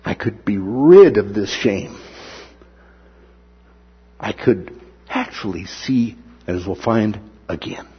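A man's voice: on the low side, slow pace, pauses often, breathy edge, highs cut off. A man preaching a sermon who acts out the words of the people in the story. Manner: animated, acts out the characters' words.

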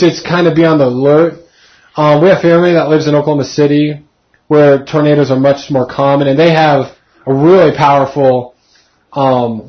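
A man's voice: fairly high pitch, lo-fi sound. Man casually teaching a Bible study. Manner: casual, conversational, with frequent restarts and questions.

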